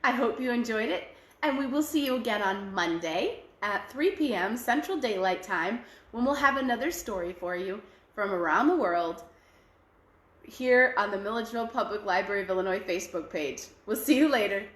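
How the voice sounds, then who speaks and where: A woman storyteller for a library, reading a fairy tale aloud in an animated, expressive way. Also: mid-range voice, normal speed, roomy sound.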